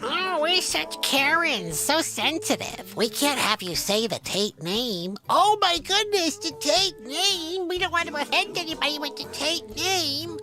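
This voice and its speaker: A man's voice: extremely high pitch, sing-song, music in the background, voice pushed up, exaggerated voice. A man doing a prissy, whiny female censor. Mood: mocking. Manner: drawn-out sneering whine. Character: prissy oversensitive female censor, mocking caricature.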